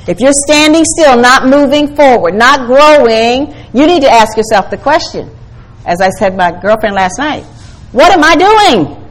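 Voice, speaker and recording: A woman's voice: a little high, lively intonation, normal speed, rough recording. An older woman preaching a sermon to women, emphatic, quoting scripture and asking her listeners questions. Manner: emphatic, asks the audience questions, quotes scripture. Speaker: women's ministry speaker.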